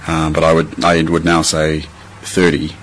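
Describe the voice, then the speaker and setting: A man's voice: extremely low pitch, moderate pace, slight background noise, low-quality recording. A young man from New Zealand with a New Zealand accent, reading a short passage and then chatting casually and at length, with plenty of fillers and restarts. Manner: relaxed, rambling, many fillers and restarts. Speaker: interviewee.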